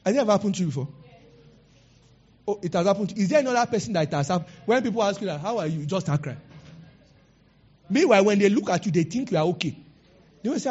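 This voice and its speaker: Pastor preaching, high husky voice jumping all over, kinda muffled lo-fi sound. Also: male voice, fast, pauses often. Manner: animated preaching, acting out quoted people. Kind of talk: sermon.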